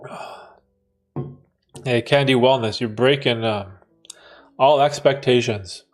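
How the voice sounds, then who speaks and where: Male livestream host at a mid-range pitch, easygoing slangy banter, reading chat aloud, music faint underneath. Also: takes it slowly. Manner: laid-back slangy banter, frequent laughter.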